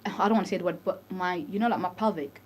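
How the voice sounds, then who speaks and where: A woman's voice: lowish voice, fast. A young woman co-hosting a podcast, telling a story in a slangy, chatty way and acting out the other people's voices as she goes. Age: young adult. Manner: animated storyteller, acts out quoted voices; calls listeners babe, slangy. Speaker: podcast co-host. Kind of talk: casual storytelling chat.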